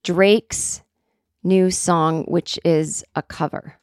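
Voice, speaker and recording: A woman's voice: lowish voice, fairly even intonation, very slow, clear, resonant tone, dry recording, clean studio sound. A woman in her forties telling a casual, rambling anecdote. She mocks herself and swears freely. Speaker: comedic storyteller.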